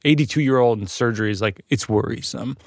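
A male host with a mid-pitched, gravelly voice, talking in a casual, reflective way. He is earnest and often restarts his sentences, and the sound is close and dry. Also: fairly quick, no room sound. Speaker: podcast host. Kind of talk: casual conversation.

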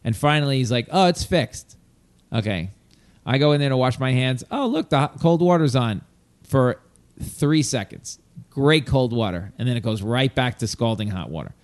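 A man from New York telling a long exasperated story in casual chat, animated and swearing. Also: medium pitch, moderate pace.

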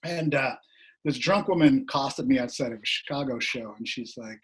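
A middle-aged man, a guest musician, telling anecdotes in a casual, animated way over a video call, his voice a little hoarse. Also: mid-range voice, normal speed. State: slightly hoarse. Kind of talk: casual storytelling.

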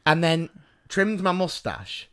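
A podcast co-host with a smooth, somewhat high voice tells a story slowly and casually. He's animated and self-mocking, often laughing his way through it.

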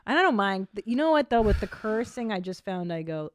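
A woman and comedian hosting a podcast in casual chat, reacting quickly, laughing often and swearing bluntly. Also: mid-range voice, sing-song.

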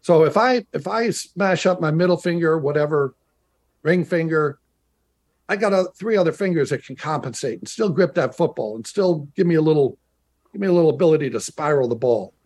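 A man's voice: a little high, lively intonation, fairly quick, a little mellow. A middle-aged man, a former pro football player turned broadcaster, telling stories in a remote interview with chatty restarts and emphatic repetition. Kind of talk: remote interview, anecdotal storytelling. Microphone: video call.

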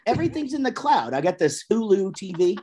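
Guest spot: husky man, loose and profane, swings his pitch all over, video-call sound. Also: very animated, fairly quick, mellow. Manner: rambling, profane, jokey. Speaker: guest musician. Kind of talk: casual podcast chat. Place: room with gold records behind him.

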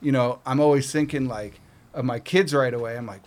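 A middle-aged man from Canada talks briskly in a mid-range voice. He's a guest on a podcast, casually telling stories, swearing freely, and acting out quoted voices.

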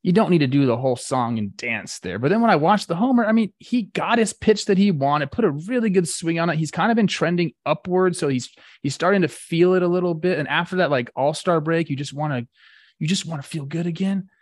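A man's voice: fairly high pitch, brisk, no room sound, clean studio sound. A man cohosting a sports talk show, laid-back and filled with 'like' and 'dude'.

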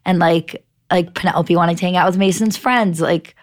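A woman's voice: fairly low pitch, steady tone, normal speed. A young adult woman co-hosting a podcast, chatting enthusiastically and swearing casually. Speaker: podcast co-host. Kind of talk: casual chat recapping a reality show.

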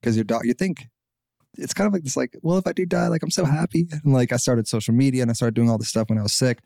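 A young man in his twenties chatting casually as a podcast guest, rambling with lots of "like" and getting animated when he quotes people. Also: medium pitch, fast talker, gravelly, no echo, studio quality. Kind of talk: casual chat.

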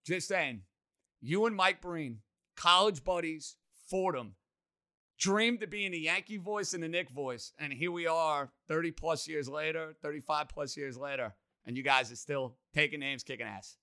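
Male sports host, very bright and forceful tone, slightly high pitch, punchy and energetic delivery. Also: moderate pace. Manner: emphatic, energetic. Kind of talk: casual sports chat.

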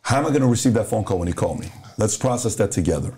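A man with a dark, mellow voice talks through his reasoning on a casual podcast. He counts off his points one by one in a direct, conversational way. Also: fairly low pitch, lively intonation, rapid-fire. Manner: explains step by step, counting off points. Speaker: podcast host.

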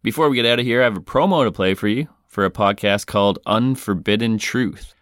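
Deep, smooth-voiced male podcast host. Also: a little fast, fairly bright tone, dry recording, studio quality. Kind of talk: reading listener mail.

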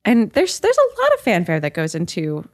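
A woman's voice: fairly low pitch, huge pitch swings, moderate pace. A woman co-hosting a podcast in casual chat, explaining things with hesitant fillers. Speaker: podcast co-host.

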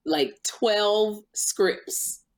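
A woman hosting a podcast, joking and telling stories quickly and playfully. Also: mid-range voice. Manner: playful, quick, jokey storytelling. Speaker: podcast host. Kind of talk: casual chat.

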